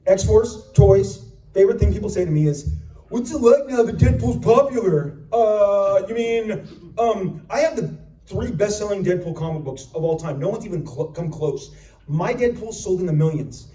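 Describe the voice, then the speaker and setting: A man's voice: high voice, moderate pace, distant mic. Sarcastic man talking in an echoey hall. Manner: animated, sarcastic, jumps into voices. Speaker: panel guest. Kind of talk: convention panel storytelling. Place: large convention hall. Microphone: recorded from the audience.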